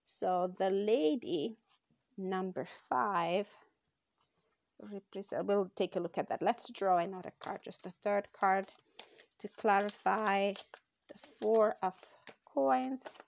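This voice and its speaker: A woman hosting her own channel, giving a casual tarot card reading in a slow, thoughtful way with frequent pauses and fillers. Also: mid-range voice, creaky.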